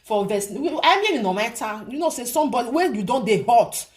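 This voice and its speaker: A woman's voice: on the high side, expressive, normal speed. Emphatic Nigerian woman vlogging. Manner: emphatic, repeats points and asks rhetorical questions. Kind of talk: casual commentary to viewers.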